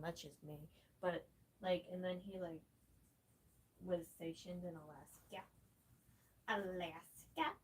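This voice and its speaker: A woman's voice: lowish voice, slight background noise, low-quality recording. A young woman rambling and swearing in casual commentary, talking back at a tutorial video while she paints. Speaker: gaming vlogger.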